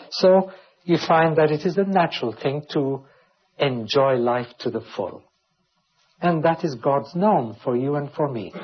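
A man's voice: mid-range voice, husky. A man preaching a Bible teaching sermon, reading scripture aloud and explaining it verse by verse. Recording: dull lo-fi recording.

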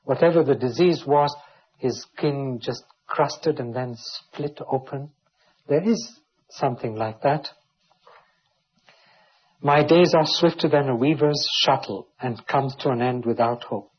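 A man gives a verse-by-verse Bible teaching, reading each passage aloud before explaining it. His voice has a husky, breathy edge. The recording sounds dull and lo-fi. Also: medium pitch, unhurried. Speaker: preacher.

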